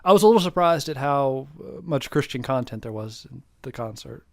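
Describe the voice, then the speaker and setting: A man's voice: mid-range voice, lively intonation, a little fast, creaky, no room sound, studio quality. A young man from the United States, co-hosting a podcast in casual chat, rambling through a reflective story. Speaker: podcast co-host.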